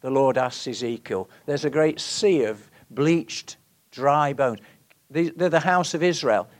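A man preaching a sermon, earnest, moving between loud emphasis and hushed questions to the congregation. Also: mid-range voice, measured pace. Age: 60s.

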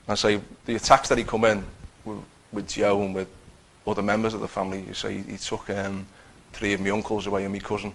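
A man's voice: on the low side, level tone, brisk, creaky, few pauses, a bit bright, low-quality recording. A man telling a personal faith testimony in a conversational way, acting out what he and others said. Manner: conversational, acts out his own quotes, many restarts.

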